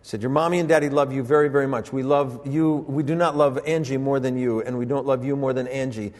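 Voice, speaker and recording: An older man preaching a sermon as pastor, telling family stories and acting out voices with sudden high jumps in pitch. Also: fairly even intonation, quick pace, darkish tone, in a large hall. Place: church sanctuary.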